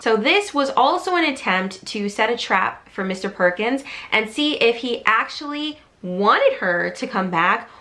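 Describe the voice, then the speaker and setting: A woman chats through a movie plot in a casual vlog, keen and lively. Her voice is bright, ringing and sits a bit high. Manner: chatty, enthusiastic. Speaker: movie storyteller vlogger.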